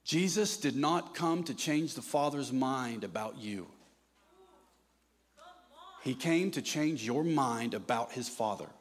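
A man preaching a sermon, moving between hushed, intimate passages and loud, impassioned ones. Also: medium pitch, lively intonation, takes it slowly, pauses often.

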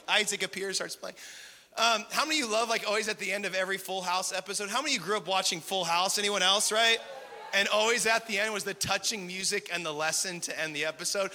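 A man's voice: high-pitched, bright, forceful tone. A man preaching at a community gathering, joking with and questioning his audience. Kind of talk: lively sermon with crowd interaction. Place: large hall with live audience. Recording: long hall reverb.

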